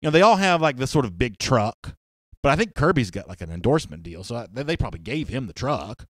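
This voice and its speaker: A man's voice: medium pitch, sing-song, fast talker, dry recording, clean studio sound. A man hosting a live sports talk show, chatting casually and reading viewer comments, rambling with restarts and fillers.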